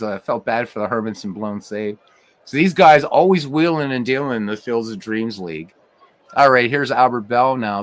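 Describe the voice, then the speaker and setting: Lively man calling simulated baseball. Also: medium pitch. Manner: lively, rising to shouts on big plays, wry asides. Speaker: play-by-play host of a baseball game stream. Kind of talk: solo play-by-play commentary with live chat.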